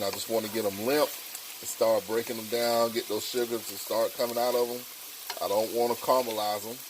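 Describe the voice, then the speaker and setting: Man, low voice, relaxed folksy cooking talk, home kitchen, faint sizzle behind. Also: noisy background. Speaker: home cook. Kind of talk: casual cooking tutorial.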